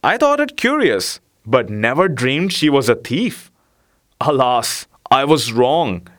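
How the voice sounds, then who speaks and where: A man's voice: mid-range voice, big pitch swings, takes it slowly, a bit bright. A man voicing a clever scheming cat. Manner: knowing, earnest.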